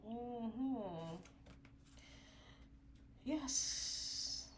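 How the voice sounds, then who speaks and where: Woman, oracle card reader, slow unhurried delivery, fairly high voice, preachy and affirming. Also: mellow, a little hiss or hum. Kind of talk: spiritual card reading.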